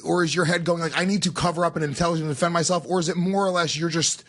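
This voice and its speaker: A man's voice: fairly high pitch, steady tone, rapid-fire, fairly bright tone. Teasing man co-hosting a chat. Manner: teasing, loose, filler-heavy. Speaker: podcast co-host. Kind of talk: casual podcast chat.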